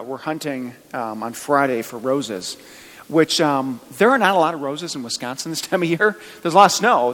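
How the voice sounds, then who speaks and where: A man's voice: a little high, fairly bright tone, big-room sound, low-quality recording. A man preaching a sermon as pastor, chatty, with joking asides. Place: church.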